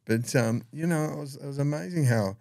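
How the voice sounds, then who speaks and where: A man's voice: mid-range voice, brisk, gravelly, a little mellow, dry recording, clean studio sound. A middle-aged Australian man telling profane, laughing stories as a podcast guest. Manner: profane, laughing yarn-spinner. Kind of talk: casual storytelling.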